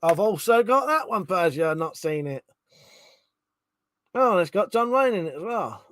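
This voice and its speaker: A man's voice: high-pitched, sing-song, moderate pace, fairly bright tone, no echo. A man chatting casually on a live stream, reading out chat messages and swearing freely.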